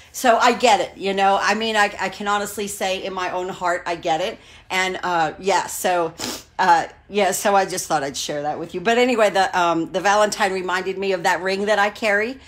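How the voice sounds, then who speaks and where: A woman's voice: medium pitch, moderate pace. A woman in her sixties hosting a casual live craft stream, chatty and digressive, gushing with enthusiasm and greeting viewers by name as she goes. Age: 60s.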